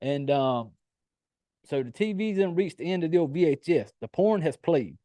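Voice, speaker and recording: Male podcast host, casual film recap, cusses freely; higher-pitched, warm tone, dry close sound. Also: lively intonation, normal speed, dry recording. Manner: loose, profane storytelling with many fillers. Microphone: home computer setup.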